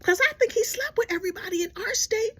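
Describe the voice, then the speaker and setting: A woman telling a gossip story in casual storytelling style, animated and sassy with dramatic asides. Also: very high-pitched, quick pace.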